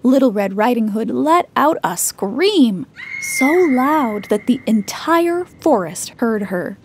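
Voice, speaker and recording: A woman narrating a children's fairy tale in a gentle, expressive storybook manner. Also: on the high side, a little hiss or hum. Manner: slow, gentle, expressive reading.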